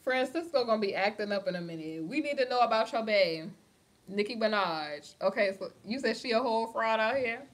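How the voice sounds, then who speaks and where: A woman's voice: fairly high pitch, expressive, a little fast. Chatty woman gossiping on a livestream. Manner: chatty, says "honey" a lot, reads viewer comments aloud. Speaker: livestream host. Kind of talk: casual celebrity gossip chat. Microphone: phone or webcam on a live stream.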